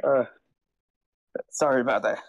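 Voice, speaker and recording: A man calling in to a livestream from his phone, speaking in a halting, unsure way. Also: medium pitch, fairly even intonation, no room sound. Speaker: caller. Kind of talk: phoning in to a livestream.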